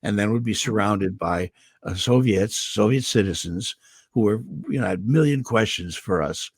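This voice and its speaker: An older man from Indiana, a guest voice actor telling animated stories about his life on a video call. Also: lowish voice, normal speed, breathy edge, dry recording, studio quality. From Indiana, USA. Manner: animated storyteller, slips into character voices for quotes. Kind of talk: anecdotal storytelling.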